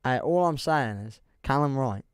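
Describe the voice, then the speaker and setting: A young man with an English accent chats casually and animatedly on a football livestream, rambling, laughing often, reading the chat aloud, and joking about himself. His voice is medium-pitched and clean, at a normal speed. The recording is dry and studio quality.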